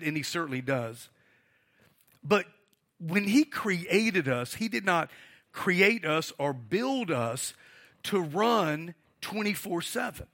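A man's voice: high-pitched, pushed and bright. A middle-aged male pastor preaching a sermon, emphatic and asking the congregation for responses.

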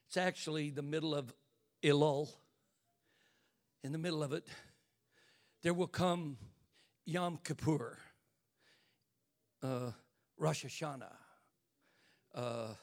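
An older man preaching an impassioned sermon as a bishop, dropping to hushed asides and rising to shouts. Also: on the high side.

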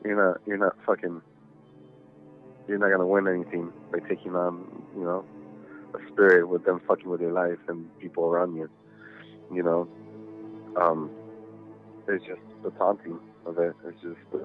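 A man with a lowish voice tells a story in loose, rambling chat, swearing freely and leaning on "you know". He sounds thin and tinny, as if over a phone line, with faint music behind him. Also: level tone, normal speed, pauses often. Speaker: podcast guest.

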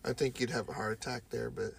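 Male podcast co-host, mid-pitched, crude and jokey, quick to laugh, faint room hum behind him. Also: fairly even intonation, vocal fry. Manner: joking, swears freely, breaks into laughter. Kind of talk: casual crude banter.

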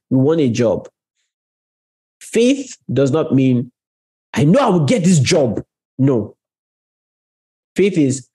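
A man's voice: mid-range voice, warm tone, slightly rough. A man preaching a conversational sermon on prayer, talking directly to his listeners and stressing key words. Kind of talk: sermon teaching.

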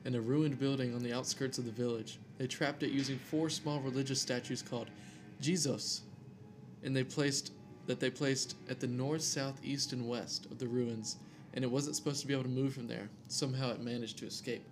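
A man's voice: medium pitch, steady tone, normal speed. A man casually reading a scary story aloud, cracking jokes and tripping over names, with faint music behind. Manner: reads aloud with jokey asides and stumbles over names.

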